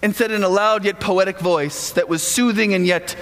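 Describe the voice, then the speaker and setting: Lively, bright-voiced male preacher in a hall. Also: sits high, normal speed. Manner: casual, humorous storytelling with acted-out voices. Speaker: pastor. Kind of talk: sermon. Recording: long hall reverb.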